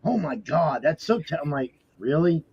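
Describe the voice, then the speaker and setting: A man co-hosting a podcast, reacting with animated exasperation. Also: a little high, moderate pace, slight background noise. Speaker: podcast host. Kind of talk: casual podcast chat. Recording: dull lo-fi mic.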